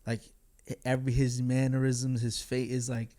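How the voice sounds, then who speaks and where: A man's voice: mid-range voice, completely flat delivery, moderate pace, warm tone. Blunt, candid man giving a movie review. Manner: candid and blunt, with frequent fillers and chuckles. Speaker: film reviewer. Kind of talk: casual spoken movie review.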